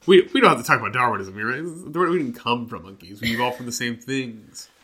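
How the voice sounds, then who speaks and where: A young man in casual conversation who leads with questions and pokes fun at his co-host. He speaks with a playful, bantering manner and often restarts his sentences. His pitch is ordinary for a man. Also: expressive, sharp tone. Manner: playful, teasing, quick to push back. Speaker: podcast co-host. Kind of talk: casual chat.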